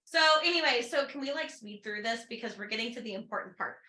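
A woman co-host with a bright, sharp voice pitched a little high, heard in a roomy, echoing space. She rushes through plot recaps, full of fillers and quotes she acts out. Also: lively intonation. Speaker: podcast co-host. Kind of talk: casual book chat.

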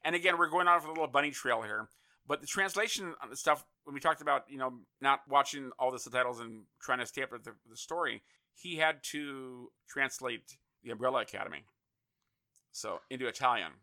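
Bright-voiced male interview host. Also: mid-range voice, a little fast. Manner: rambling, repeats words while thinking. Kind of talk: casual interview chat.

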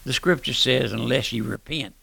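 An older man preaching a fervent radio sermon, often repeating "my friend" and swinging between loud and soft. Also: medium pitch, normal speed, creaky, slightly rough, no room sound.

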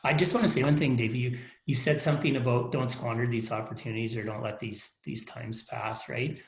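A man's voice: mid-range voice, fairly even intonation, fast. A man speaking as a guest on a podcast, telling stories frankly and often repeating and restarting his words. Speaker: company leader, podcast guest. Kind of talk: casual storytelling interview. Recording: roomy echo.

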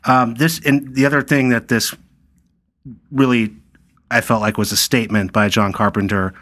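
A man at a middle pitch chats eagerly on a podcast, sharing opinions in an easygoing back-and-forth. His delivery is casual and lively. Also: normal speed. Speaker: podcast co-host.

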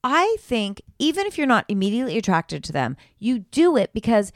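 A woman co-hosting a casual gossip podcast, animated and exclamatory, laughing often and swearing casually. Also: fairly high pitch, brisk, dry recording, clean studio sound. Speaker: podcast co-host.

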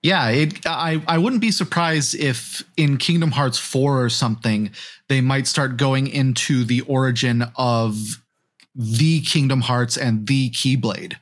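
A man's voice: medium pitch, unhurried. Musing male podcaster. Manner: musing, hedging with fillers. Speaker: podcast co-host. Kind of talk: casual chat.

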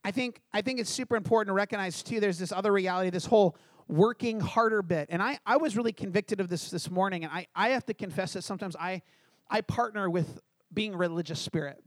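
A man's voice: high voice, fast talker, no room sound, clean studio sound. A middle-aged man from Canada preaching a sermon, telling a personal story with humor and acting out the dialogue. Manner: animated, acts out dialogue, self-deprecating humor. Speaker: pastor.

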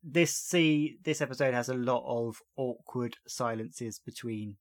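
A man hosts a relaxed podcast, chatting through a TV episode with an easy, amused manner. He retells scenes in a dry voice and laughs along the way. His voice sounds close and dry, with no room echo. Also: mid-range voice, a little slow. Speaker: podcast host. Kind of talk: casual podcast chat recapping a TV episode.

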